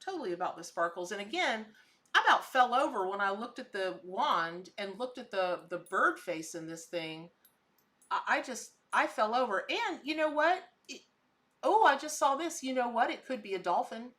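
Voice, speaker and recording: Her voice is on the high side, expressive, and fairly bright, with a moderate pace. She's a middle-aged livestream host offering tarot and spirit animal readings, chatting with viewers and gushing with exclamations at what she sees.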